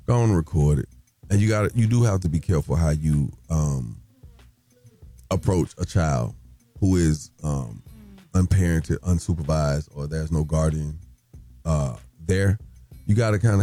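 A man's voice: extremely low pitch, normal speed, no room sound, faint music behind. A man hosting a morning radio talk show, talking casually and animatedly, acting out voices as he makes his points. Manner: animated, acts out yelling in quotes.

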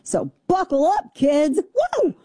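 A brash woman hosting talk radio, firing off sarcastic, opinionated commentary. Her voice is dark and mellow. The studio sound is dry and close. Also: high voice, sing-song, no echo. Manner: brash, sarcastic, fast-talking. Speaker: radio talk show host.

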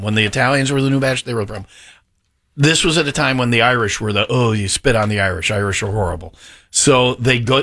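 A man hosting a casual chat, telling stories in an animated, talkative way. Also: mid-range voice. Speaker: show host.

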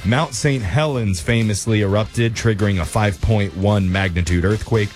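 A man hosting a radio quiz segment, playful and jokey, reading the questions out briskly. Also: on the low side, darkish tone, soft background music. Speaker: radio show host.

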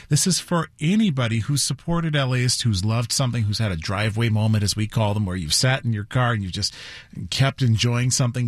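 A man hosting morning radio, urging listeners to give in a pledge drive and repeating the phone number slowly. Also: medium pitch, dry recording. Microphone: studio microphone.

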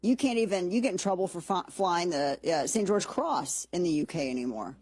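A woman hosts a casual commentary show, wandering off into sarcastic asides as she goes. Her voice sits a little low and has a husky edge. It is recorded close and dry, with no room echo. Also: animated, a little fast, darkish tone. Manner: chatty, sarcastic, rambling asides.

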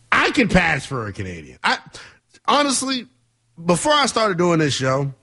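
A man's voice: sits high, wildly swooping pitch, a little slow, sharp tone, slightly rough. A man hosting a sports talk radio show, joking and bantering with callers and his co-host.

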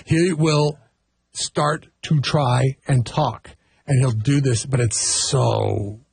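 A man's voice: mid-range voice, steady tone, slow pace, creaky, a little mellow, breathy edge, dry recording. A man co-hosting a casual chat, rambling and correcting himself as he tells stories. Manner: rambling, self-correcting storyteller. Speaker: podcast co-host.

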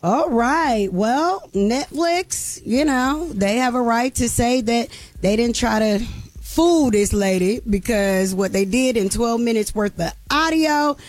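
A woman's voice: a little high, animated, takes it slowly, darkish tone, no echo. A woman hosting a radio show, chatting casually about entertainment news with many fillers.

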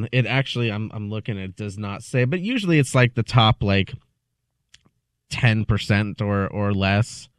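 A man's voice: lowish voice, animated, measured pace, dry recording, clean studio sound. A man chiming in on a talk show in a laid-back, matter-of-fact way. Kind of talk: casual chat.

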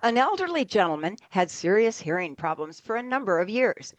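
A woman's voice: mid-range voice, sing-song, fairly quick, no room sound. Lady on local radio telling a joke, giggly, dry close sound. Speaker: radio show co-host. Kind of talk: casual radio chat, telling jokes.

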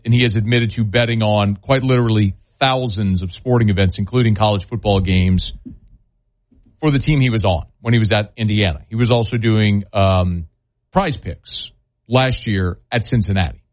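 A man's voice: fairly low pitch, normal speed, dry recording. A man hosting a sports talk radio show, giving opinionated, conversational commentary that builds toward worked-up rants.

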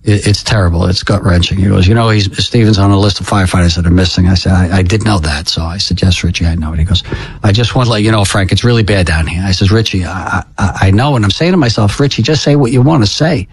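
An older American man telling a painful family story in an interview, halting and repeating words, his voice climbing when moved. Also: sits low, husky, poor audio. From United States. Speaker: interview guest.

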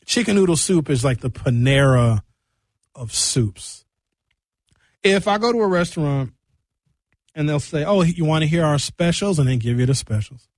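A man hosting a radio show in casual chat, talking in animated, rambling comic riffs from a studio microphone. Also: mid-range voice, normal speed, long pauses, dry recording.

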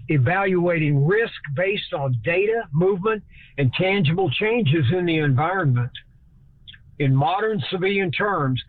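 A man's voice: on the high side, no echo, narrow, tinny audio. A man from Texas, giving a folksy, speech-like scripted talk as host. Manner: folksy speech-like delivery, shifts between slow and fast.

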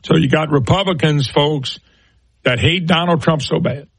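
A man's voice: a little high, normal speed, slightly rough, no room sound. A middle-aged man hosting a political talk radio show, ranting scornfully and firing off rhetorical questions.

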